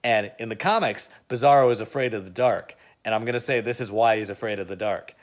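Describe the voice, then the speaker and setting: A man's voice: lowish voice, fast talker. A man casually retelling an imagined film plot in a chatty way, with lots of "uh" and "like". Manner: chatty, with frequent "uh" and "like". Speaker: video creator.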